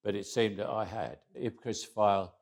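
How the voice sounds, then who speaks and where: A man, telling stories in an interview, repeating words as he restarts and trailing off quietly at the ends of phrases. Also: fairly low pitch, normal speed, gravelly. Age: 80s. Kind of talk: anecdotal storytelling.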